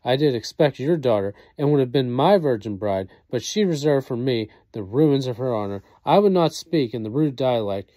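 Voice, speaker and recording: A man reading a proud young gentleman soldier. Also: medium pitch, lively intonation, no echo, natural voice. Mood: cold. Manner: measured period-verse delivery.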